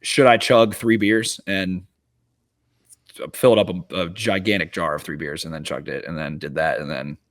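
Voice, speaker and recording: A man's voice: deep voice, steady tone, normal speed. Young man, Baltimore accent, podcast co-host, boisterous, joking, casual sports chat. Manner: joking, boisterous, swears freely.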